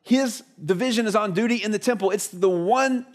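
A male pastor preaching a sermon, telling a story with lively rhetorical questions. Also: sits high, fairly quick.

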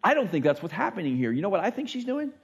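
A man's voice: sits high, big pitch swings, very fast, husky. A man preaching a conversational sermon, earnest and plain-spoken, often restarting his thoughts and acting out what people say. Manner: earnest, repeats words while restarting thoughts; acts out quoted speech with voices. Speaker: pastor.

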